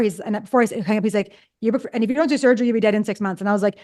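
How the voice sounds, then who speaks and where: A woman's voice: mid-range voice, very fast, hardly any pauses, a little mellow. A woman in her fifties, a psychologist guest, telling personal stories in a chatty way and acting out past conversations. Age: 50s. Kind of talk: casual storytelling interview.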